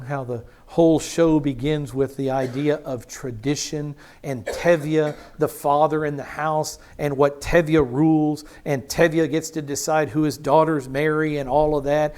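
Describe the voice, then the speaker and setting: A man's voice: fairly high pitch, darkish tone. A man teaching a sermon on a Bible book, dramatically acting out the characters and asking the audience rhetorical questions. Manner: dramatic, acts out the quoted speakers. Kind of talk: expository sermon.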